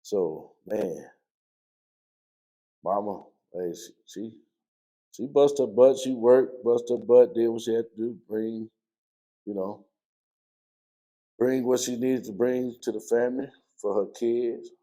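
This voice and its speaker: A man, the youngest brother, reminiscing casually in a relaxed, colloquial way. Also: medium pitch, slow pace, pauses often.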